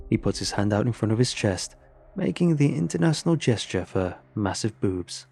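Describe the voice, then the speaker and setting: A man's voice: on the low side, lively intonation, normal speed, vocal fry, a little mellow, breathy edge. A man narrating a first-person horror story in an earnest, tense way.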